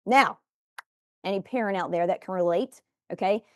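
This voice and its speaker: A woman's voice: mid-range voice, normal speed, no room sound, muffled recording. A woman in her forties gives a motivational talk in a studio, speaking emphatically and addressing viewers directly.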